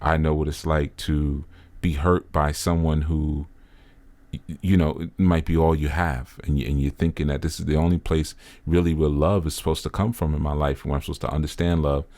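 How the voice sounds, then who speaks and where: A man's voice: a bass voice, level tone, normal speed, a little mellow, dry recording. A middle-aged man giving earnest, preacher-like commentary, repeating phrases for emphasis. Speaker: spiritual teacher commenting on a video. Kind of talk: reflective commentary monologue.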